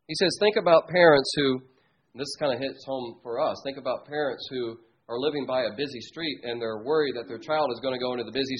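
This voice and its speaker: Husky-voiced man preaching a sermon. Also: mid-range voice. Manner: emphatic teaching, swings between loud stresses and quiet asides. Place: church.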